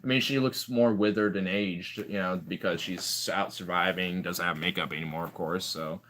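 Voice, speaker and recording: A man's voice: low-pitched, fairly even intonation, moderate pace, a bit bright. A young man in casual chat, rambling through stories with lots of fillers and restarts. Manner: rambling, filler-heavy storytelling.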